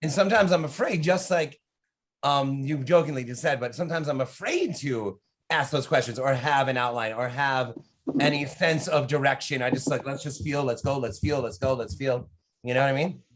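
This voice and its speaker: American man, author guest, casual podcast chat, rambling, animated, mid-range voice. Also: mid-range voice, normal speed, slight background noise. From United States. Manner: rambling, animated, lots of fillers and swearing.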